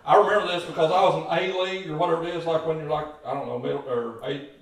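A man's voice: a little high, steady tone, fast talker, gravelly. A man preaching a sermon as pastor, telling folksy stories and calling out to his congregation. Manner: folksy storytelling with emphatic calls to the congregation. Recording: echoey church hall, distant mic.

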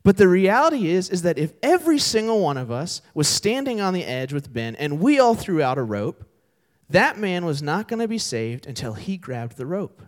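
Animated young male pastor preaching. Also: high-pitched, moderate pace. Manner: animated storytelling with voiced characters. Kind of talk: sermon. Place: church sanctuary.

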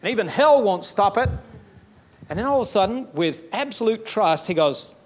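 A man preaching a sermon in an emphatic, folksy way, with a Southern US accent, his voice climbing into loud passages. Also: high-pitched, expressive, moderate pace, a little hiss or hum. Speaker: pastor.

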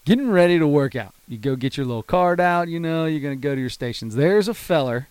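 A man in his thirties co-hosting a podcast, launching into a long story with a slightly higher, lively voice. He talks in a casual, rambling way and leans into the funny parts. The sound is close and dry, with no room echo. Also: fast, clean tone. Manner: animated storyteller, laughs hard at his own story. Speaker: podcast co-host.

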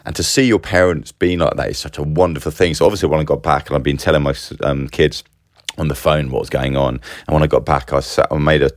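Middle-aged man, very deep voice, rambling and animated, close dry mic. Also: fast talker, dry recording. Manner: rambling, animated, frequent restarts. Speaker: business owner vlogger. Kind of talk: casual personal monologue.

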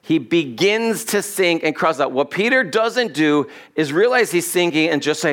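A man's voice: a little high, moderate pace, few pauses. A man preaching a sermon in a church on a body-worn microphone, acting out the lines of the people in the story. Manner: animated, acts out Bible characters' lines. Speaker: pastor. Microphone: body-worn mic with cable.

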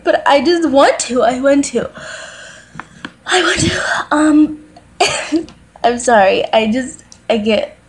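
Actress as a high-voiced, halting, teary cat-obsessed single in a comedy sketch. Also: female voice, a little hiss or hum, poor audio. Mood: weepy. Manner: hesitant, full of ums, breaking into sobs. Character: tearful cat-obsessed woman in a dating video.

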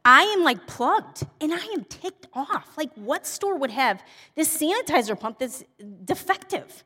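A woman telling a funny personal story in a casual, exasperated, animated way. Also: high voice, a little slow. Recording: long hall reverb.

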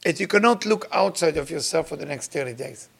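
A man's voice: animated, a little fast, vocal fry, husky. Older man preaching emphatically. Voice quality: non-native grammar. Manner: emphatic, repeats phrases, rises to sudden high exclamations. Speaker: spiritual teacher. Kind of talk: sermon to followers.

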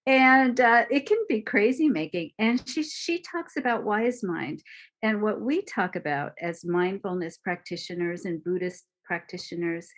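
Slow, gentle woman meditation teacher. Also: fairly low pitch. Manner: slow, gentle and reflective, with soft pauses. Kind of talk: dharma talk.

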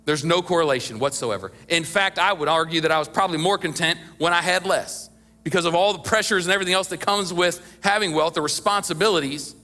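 Bright-voiced male preacher, chatty and emphatic. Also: fairly high pitch, fast. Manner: conversational preaching with emphatic bursts and chuckles. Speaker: pastor. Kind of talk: sermon.

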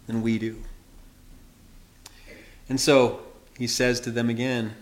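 A man's voice: medium pitch, level tone, slow, long pauses, slight background noise. A man preaching a sermon in an earnest, emphatic manner, often breaking into light laughs. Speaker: pastor.

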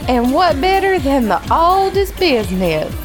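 A woman doing a sweet, high old aunt. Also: sing-song, measured pace, loud music behind the voice. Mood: sweet, chirpy. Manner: fussy, motherly, struggling at a Southern accent. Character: elderly woman running a brothel, sweet homely aunt. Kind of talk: comedy sketch acting.

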